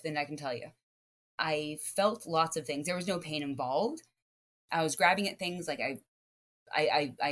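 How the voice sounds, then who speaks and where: Low-voiced woman telling rambling stories. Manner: lively, rambling storytelling full of "like" and restarts. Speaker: podcast guest, academic. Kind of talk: casual podcast chat.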